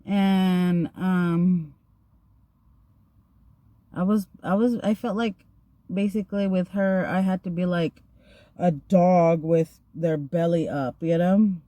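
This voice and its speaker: A woman's voice: fairly low pitch, slow, long pauses, no echo. A young woman casually telling a story while getting ready, chatty and slangy, acting out the people she quotes. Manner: chatty, slangy, animated retelling with acted quotes. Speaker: vlogger.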